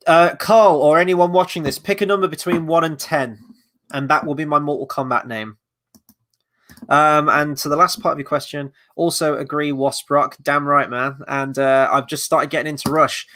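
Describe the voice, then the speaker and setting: A man's voice: a little high, steady tone, normal speed, a bit bright. A man hosting a live movie watchalong, rambling casually, swearing, and answering chat questions. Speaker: host.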